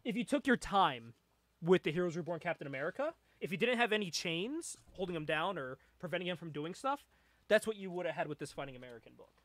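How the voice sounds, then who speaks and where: A man hosting a casual comic book chat, animated and laughing often as he reads panels aloud. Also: sits high, quick pace, no room sound. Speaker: podcast host.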